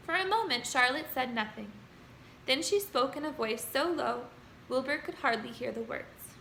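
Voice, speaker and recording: High, bright teacher reading aloud. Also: female voice, normal speed, creaky, slight background noise. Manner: expressive storytelling. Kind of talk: reading a children's novel aloud. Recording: roomy room echo.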